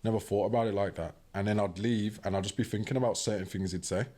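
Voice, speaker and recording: A man's voice: lowish voice, fast talker. A young British man telling a personal story casually and animatedly, often asking "do you know what I mean". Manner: animated, acts out quoted voices. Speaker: podcast guest.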